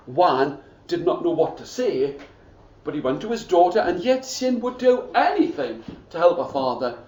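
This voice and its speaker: Male storyteller for schoolchildren, expressive, gets the kids to join in, distant mic in an echoey school room. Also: fairly high pitch, normal speed. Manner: expressive, asks the audience to join in.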